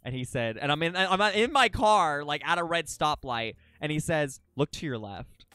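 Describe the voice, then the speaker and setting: A man's voice: a little high, lively intonation, moderate pace, bright, forceful tone, smooth, no echo. A young man streaming live, chatting to viewers in a rambling, emotional way, swearing often and restarting his sentences. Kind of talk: casual chat with stream viewers.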